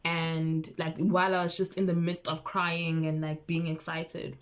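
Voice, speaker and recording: A woman in her early twenties telling a personal story in a casual vlog, chatty and excitable, full of fillers and quoted dialogue. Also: sits low, a little slow. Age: early 20s. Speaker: vlogger.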